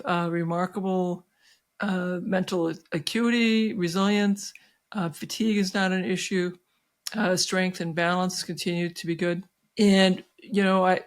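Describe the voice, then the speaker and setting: A woman in her sixties, a physician guest, telling a personal story in an interview with many restarts and fillers, animating her tale. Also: lowish voice. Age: 60s. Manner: animated, acting out quoted voices.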